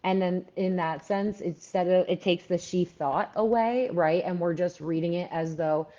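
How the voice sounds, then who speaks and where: A woman's voice: lowish voice, moderate pace, mellow. Chatty woman on a dull lo-fi livestream. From Philadelphia. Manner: chatty, answers viewer questions with many fillers. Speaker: writing coach. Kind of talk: live stream Q&A.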